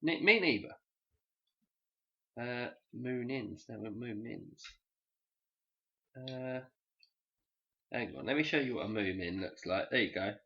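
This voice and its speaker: A man's voice: medium pitch, animated, slow pace, pauses often, lo-fi sound. A man hosting a casual podcast chat, rambling, joking and swearing freely. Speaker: podcast host.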